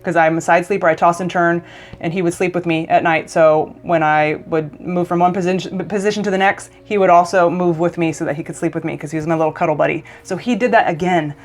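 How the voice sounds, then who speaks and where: A woman's voice: fairly low pitch, fairly even intonation, quick pace, faint music behind. A woman vlogger telling a personal story in a casual, emotional way, often stumbling and restarting mid-sentence.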